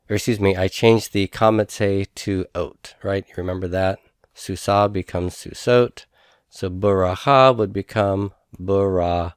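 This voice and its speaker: A man lectures on grammar in a somewhat low voice, recorded close and dry. He works through each step patiently, spelling out syllables slowly and pausing to check that his students follow. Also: no room sound. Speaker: Hebrew grammar teacher.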